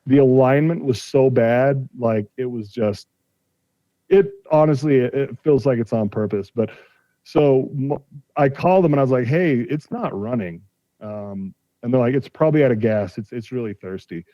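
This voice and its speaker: A man in his forties, a car-collecting podcast guest, casually narrates a dispute and plays out what others told him. His voice is medium-pitched and his pace measured, on a dry, slightly dull recording.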